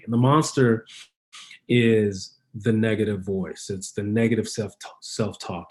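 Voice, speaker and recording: A man guest giving motivational coaching advice, pausing on fillers between his points. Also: lowish voice, a little mellow.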